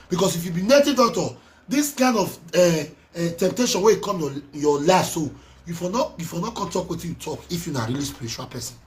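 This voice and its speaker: A man with a Nigerian Pidgin English accent, scolding and ranting in a heated monologue with swings between loud and soft. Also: on the high side. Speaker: social media commentator.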